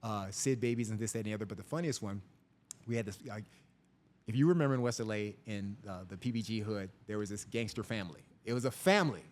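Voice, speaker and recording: Animated storytelling police officer, a man. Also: on the low side, fast, noisy background. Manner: animated storyteller, voices people in his anecdotes. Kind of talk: casual storytelling interview.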